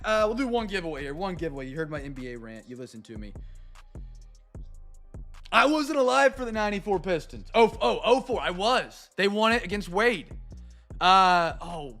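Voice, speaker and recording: A young man hosting a live card break, chatting to viewers and going off on excitable, rambling sports rants. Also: high voice, normal speed, faint music behind.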